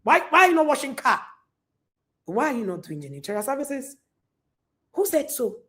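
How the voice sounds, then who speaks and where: A middle-aged woman giving an emphatic, preachy talk to parents, repeating key lines and at times shouting. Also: sits high, big pitch swings, a little fast. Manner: sometimes shouts at the audience. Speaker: conference speaker to parents. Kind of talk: motivational talk.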